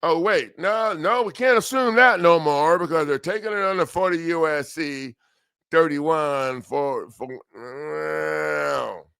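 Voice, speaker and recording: A man's voice: fairly high pitch, slow pace, vocal fry, bright, forceful tone, clear, resonant tone, dry recording, clean studio sound. An older man hosts a legal self-help livestream, rambling casually and joking at himself with frequent laughs.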